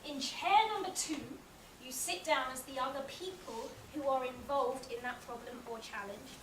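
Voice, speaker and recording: Woman, child therapist, lively anecdotal talk, distant mic, roomy echo, steady background noise. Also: high-pitched. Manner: lively anecdotes, acting out quoted voices. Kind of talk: storytelling talk to an audience. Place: meeting room, recorded from the audience.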